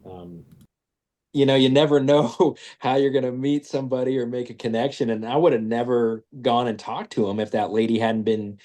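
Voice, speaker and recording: A man telling a story in animated, casual fashion, slipping into quoted voices as he goes. He sits at an ordinary middle pitch. He restarts his sentences often, talking it through as he remembers. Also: moderate pace. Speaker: guest, business owner.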